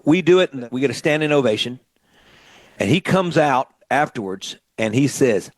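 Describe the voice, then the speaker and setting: Lebhafter Radiomoderator aus Mississippi. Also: male voice, medium pitch, normal speed, no echo. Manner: animated storyteller, acts out quotes. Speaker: radio host and musician. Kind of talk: storytelling radio chat.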